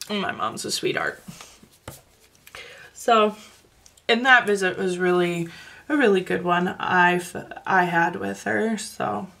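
Slow-talking woman with gravelly voice. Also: on the low side. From northern Wisconsin. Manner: rambling, chatty, with soft laughs and many fillers. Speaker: coloring channel host. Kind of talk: casual chat while coloring.

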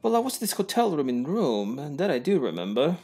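A man's voice: a little high, very animated, fairly quick, darkish tone, breathy edge, soft background music, pitched above the performer's own voice, exaggerated voice. A man voicing an anxious, lovestruck young man in a 1920s hotel, in a posh, nervous voice. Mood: flustered. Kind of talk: posh put-on voice.

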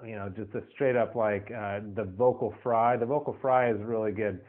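Rambling singing teacher on tinny audio. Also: male voice, on the low side, steady tone, normal speed. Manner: rambling, repeats words, many fillers. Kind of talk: casual spoken vocal lesson.

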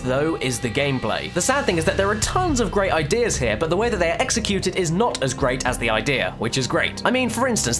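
A young man hosts a comic game review with sarcastic, over-the-top delivery, swinging his pitch widely around a slightly high voice. Music plays clearly under him. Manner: sarcastic, exaggerated, profane. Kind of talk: comedic scripted game review.

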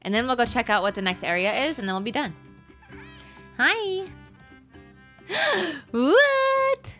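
A young woman commenting on her own game playthrough, excitable, gasping and squealing often. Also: medium pitch, rapid-fire. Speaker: gaming streamer. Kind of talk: let's play commentary. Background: game music.

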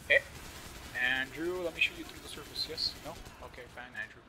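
A young man with a slight lisp giving casual, joking live commentary over his own shooter gameplay, swearing often and yelling at other players. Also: fairly high pitch, brisk, noisy background. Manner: joking, swears often, yells at opponents and teammates.

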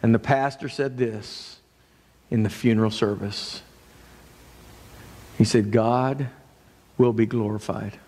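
A man preaching a sermon as pastor, earnest, moving between raised and hushed delivery. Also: lowish voice, steady tone, slow pace, pauses often. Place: church sanctuary. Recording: long church reverb.

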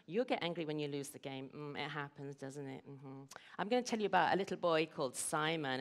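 A woman telling a children's story at a church service, animated and expressive, asking the children questions. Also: sits low, fairly quick.

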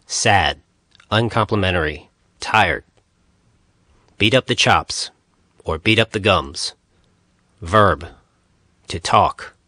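A man narrating an audiobook, reading dictionary entries in short, measured phrases. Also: low voice, sharp tone, no room sound, studio quality.

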